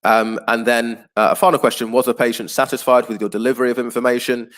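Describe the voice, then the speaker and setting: A man teaching an online class, explaining patiently and clearly, with frequent ums and uhs. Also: medium pitch, flat delivery, quick pace, a bit bright.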